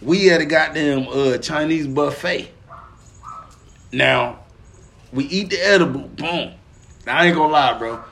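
A man's voice: unhurried, vocal fry, long pauses. A man from Pine Bluff, Arkansas, co-hosting a podcast and telling a long story in casual, profane slang. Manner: animated, profane, slangy, often lowers voice then bursts up laughing. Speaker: podcast co-host.

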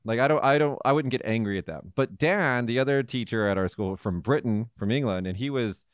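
A man co-hosting a casual talk show, explaining slang with lively storytelling and quoted voices. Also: mid-range voice, brisk, clean tone, no echo. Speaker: podcast co-host, English teacher.

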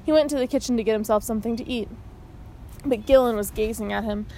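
Audiobook narrator, woman, higher voice, steady telling, light hiss. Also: fast, poor audio. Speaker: audiobook reader. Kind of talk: scripted narration.

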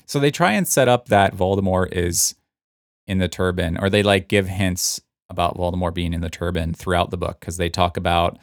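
A man hosting a casual podcast, explaining in a relaxed way and laughing easily. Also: deep voice, moderate pace, no echo, clean studio sound. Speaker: podcast host, book fan.

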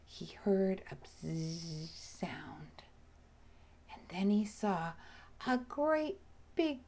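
Woman storyteller, bedtime-book reading, gentle and expressive, very unhurried. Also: sits high. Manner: gentle, expressive, often drops to a whisper.

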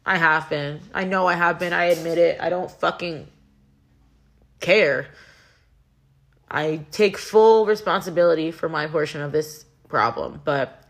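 A woman's voice: low voice, unhurried, creaky. A young woman venting in a personal vlog, heated and frustrated, swearing often and rambling with restarts. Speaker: vlogger.

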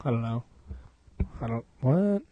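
A man's voice: medium pitch, expressive, measured pace, no echo, phone-quality sound. A man from Florida hosting a casual podcast chat, telling stories animatedly, swearing freely and laughing often. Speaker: podcast host.

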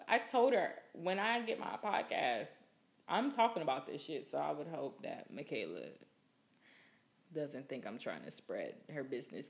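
A young woman hosting a podcast, telling a story in a casual, profane, laughing way. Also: on the low side. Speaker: podcast host.

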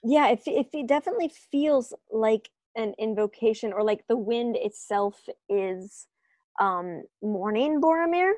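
Tinged woman co-host, excitable chatter, slightly high voice, dry close sound. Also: unhurried, no room sound. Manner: gushing, excitable, talks with "like" fillers. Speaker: podcast co-host. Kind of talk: casual chat.

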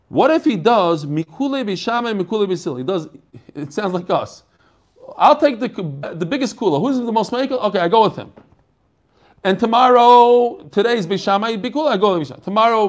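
A man with a fairly high voice teaches a daily Talmud class. He explains quickly and animatedly, mixing Hebrew and Yiddish terms into his English.

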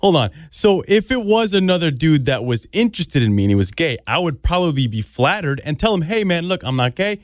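Chill podcast guy who laughs a lot, high lively voice, dry. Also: brisk, few pauses, no room sound. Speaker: podcast co-host. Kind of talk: casual chat.

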